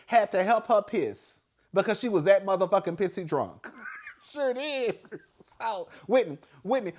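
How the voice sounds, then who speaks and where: A man with a slightly high voice talks through a reality TV episode in a loose, gossipy way. He is animated and sassy, swears freely and laughs between points. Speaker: reality TV commentator. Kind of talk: casual reality TV recap.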